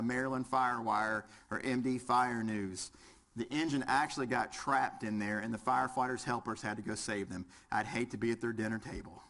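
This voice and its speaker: A man's voice: mid-range voice, a bit bright. A man with a Southern US accent teaching a fire service class, quizzing the audience and joking as he goes. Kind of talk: lecture with audience participation.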